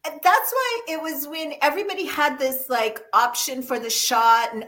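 A woman's voice: high-pitched, moderate pace. A woman guest in casual conversation, telling stories and acting out the voices of the people in them. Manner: animated, acts out the voices in her stories. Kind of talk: casual chat, storytelling.

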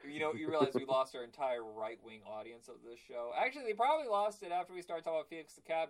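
Rambling fairly high-voiced male host. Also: expressive, racing, few pauses, low-quality recording. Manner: rambling, stumbles on words, laughs often. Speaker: podcast host. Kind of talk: casual chat.

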